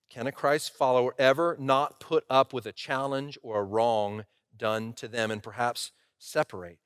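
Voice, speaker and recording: A male pastor preaching a sermon, emphatic and repetitive, swinging between loud urgency and hushed quiet. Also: mid-range voice, normal speed, dry recording, studio quality.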